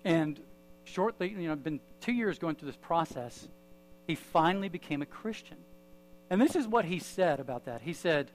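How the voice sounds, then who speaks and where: A man's voice: a little high, lively intonation, slight background noise, poor audio. A man preaching a sermon as pastor, telling a story and leading a prayer in a church. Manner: storytelling with pauses, then prayer.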